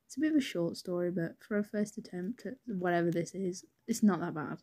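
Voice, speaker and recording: Husky young British woman rambling a story. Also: fairly low pitch, fairly quick, warm tone. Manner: rambling, chatty, swears freely, says "anyways" often. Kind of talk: casual storytime narration.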